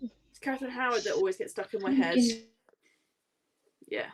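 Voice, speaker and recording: A woman's voice: a little high, normal speed, crowd noise. Chatty woman reading updates on a call. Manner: chatty, breaks into snatches of song. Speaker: readathon host. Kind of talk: casual chat.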